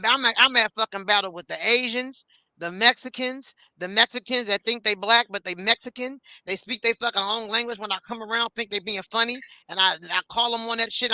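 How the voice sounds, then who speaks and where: A woman's voice: mid-range voice, bright, forceful tone, no room sound. A woman in her forties co-hosting a casual chat, blunt and profane, telling stories with animation. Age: 40s. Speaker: co-host.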